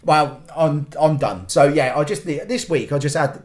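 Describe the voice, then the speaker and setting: A man's voice: a little high, lively intonation, measured pace, hardly any pauses. A man hosting his own channel, ranting in an exasperated, sweary, rambling way. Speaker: channel host. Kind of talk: ranting vlog monologue.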